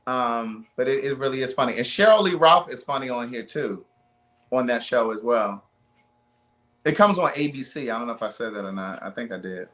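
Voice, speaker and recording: Bright-voiced man hosting a live stream. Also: medium pitch, expressive, fairly quick. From Maryland. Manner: chatty, reads viewer names aloud. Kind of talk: casual chat.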